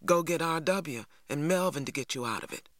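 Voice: medium pitch, animated, fairly quick, fairly bright tone, no echo, studio quality, lightly acted. A reader doing a wary, stern teenage boy. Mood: wary, cold. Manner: cold, terse. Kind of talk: audiobook reading.

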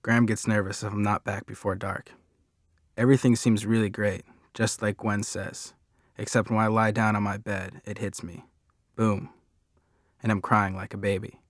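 A man narrates a first-person story with a conversational, wry touch. His voice sits a bit low. The sound is close and dry, like a booth with no room echo. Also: little pitch movement, moderate pace.

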